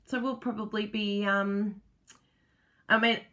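A woman's voice: medium pitch, steady tone, slow, fairly bright tone. An Australian woman hosting a crafting livestream, chatting casually with viewers, laughing often and letting her sentences wander and trail off. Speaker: crafting channel host.

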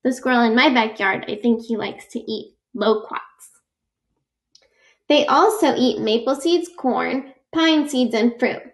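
A woman with a high voice reads a children's book aloud at an unhurried, careful pace. She explains each fact patiently and stops now and then for small personal asides. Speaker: read-aloud reader.

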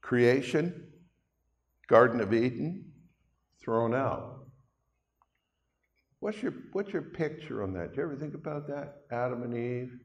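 Speaking at a slightly slow pace with frequent pauses, this older Canadian pastor uses an expressive, mid-range voice. He preaches to the congregation in a relaxed, folksy manner, throwing in asides to the people listening. The church hall lends the recording a long reverb.

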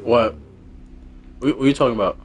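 A young man streaming a racing game live, commentating excitedly from a home setup. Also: medium pitch, a little fast, a little hiss or hum. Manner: excitable, shouting and laughing during races. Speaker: gaming streamer.

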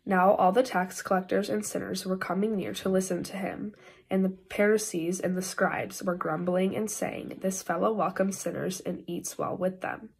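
A woman's voice: medium pitch, steady tone, normal speed, gravelly, darkish tone, breathy edge. A woman reading a scripture passage aloud during a worship service, with the occasional stumble and restart, and a Midwestern American accent. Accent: Upper Midwest American. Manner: careful reading with frequent slips and restarts. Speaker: scripture reader.

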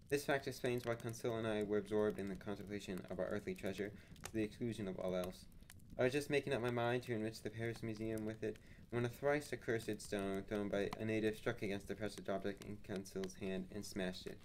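Brief: man reading aloud, low voice, theatrical and expressive, faint noise behind. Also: a little fast. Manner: expressive, theatrical, with occasional slips. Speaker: reader. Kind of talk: dramatic book reading.

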